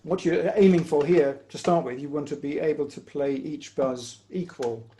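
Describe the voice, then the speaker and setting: A man giving a patient, step-by-step online music lesson on the hurdy-gurdy, pausing often as he explains. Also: on the high side. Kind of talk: online music workshop instruction. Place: home room, online workshop.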